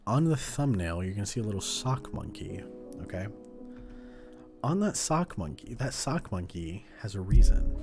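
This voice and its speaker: A man in his twenties chatting casually with viewers while journaling, playful and often laughing at himself. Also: fairly low pitch. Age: 20s. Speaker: journaling video host. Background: background music.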